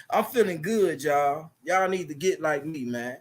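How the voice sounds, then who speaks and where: A man's voice: fairly high pitch, lively intonation, a little slow, few pauses, husky. A man hosting his livestream, talking casually and preachily and repeating his phrases, into a laptop mic. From Chicago. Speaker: livestream host.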